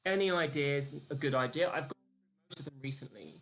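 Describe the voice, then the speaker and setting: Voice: medium pitch, fairly quick, a bit bright, faint music behind. A live-streamed quiz host, chatty and self-deprecating, counting down the clock and reading out the answers and the leaderboard.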